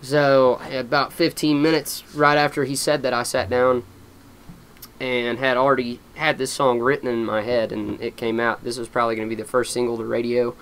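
Bright-voiced guitarist talking fast and eager. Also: male voice, medium pitch, flat delivery, smooth. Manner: eager, talks in quick bursts with restarts. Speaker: guest musician, lead guitarist and singer. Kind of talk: casual interview chat. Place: hot backyard shed.

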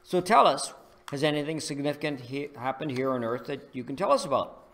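A man putting on friendly alien visitors in a spoken story, eager and curious, firing off pleading questions in a gravelly voice. Rising excitement comes through in every question. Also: medium pitch, a little fast.

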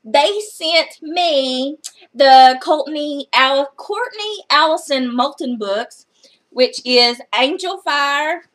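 A woman book vlogger chatting casually through her book haul, excitable and gushing, with some casual swearing. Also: high voice, very slow.

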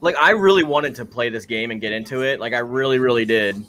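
A young man from New York with a New York accent, chatting casually while reacting to a live stream, full of "like" and quick laughs. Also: mid-range voice, a bit bright.

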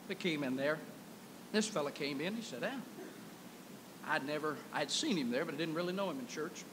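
A man preaching a fiery revival sermon, swinging between hushed storytelling and shouted exclamations, recorded in a church on an old cassette tape. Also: a little high, quick pace, noisy background. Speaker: pastor. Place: church sanctuary.

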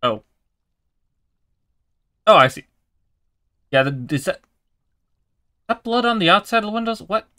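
A man's voice: high-pitched, sing-song, measured pace, long pauses, sharp tone, no echo, clean studio sound. A young man giving casual, swearing let's-play commentary while he plays a game. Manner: chatty, swears casually, talks to himself. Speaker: gaming video creator.

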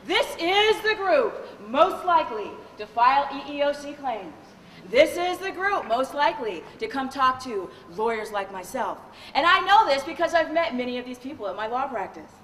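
A woman, a lawyer and corporate trainer, giving a lively live training talk and questioning the audience. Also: sits high, slight background noise. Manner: animated, engages the audience with questions. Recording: echoey hall with long reverb.

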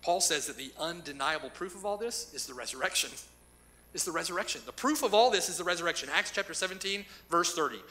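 A man's voice: on the high side, animated, fast, sharp tone, low-quality recording. A man preaching a sermon as pastor, emphatic, with rhetorical questions and repeated lines.

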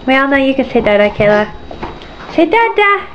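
High sing-song mother coaxing her kids. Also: very animated, moderate pace. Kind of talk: home video, coaxing small children. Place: family home indoors. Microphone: camcorder. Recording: dull lo-fi home camcorder, noisy room.

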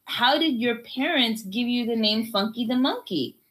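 Woman, bright and sharp, very animated, theatrical reporter tone for a pretend kids' interview. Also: a little high, moderate pace. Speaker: mock interviewer in an improv exercise. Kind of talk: playful pretend TV interview with a child.

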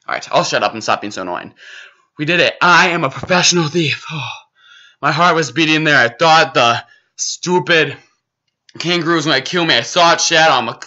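A young man hosts his gaming channel with goofy, rambling commentary. His voice is very bright and forceful, and he keeps cracking jokes at his own expense. The recording sounds dull and lo-fi. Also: mid-range voice, animated, normal speed. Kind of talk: gameplay commentary. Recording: dull lo-fi mic.

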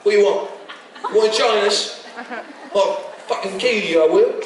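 A man voicing a scruffy, threatening East End brawler with a rough London accent. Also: high voice, a little slow, pitched above the performer's own voice. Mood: menacing. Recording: echoey hall, far-off mic, crowd noise.

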